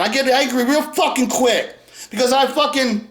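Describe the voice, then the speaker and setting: A man delivering an angry, profane rant to his critics, swearing constantly and bursting into shouts. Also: extremely high pitch, moderate pace, reverberant. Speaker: commentary video creator.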